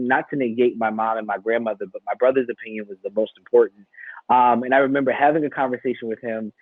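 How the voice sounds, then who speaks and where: A man's voice: medium pitch, no room sound. Man on a thin phone-like line, telling a story. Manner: animated storytelling, acting out dialogue. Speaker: podcast co-host. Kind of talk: casual panel chat. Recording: dry, thin phone-like sound.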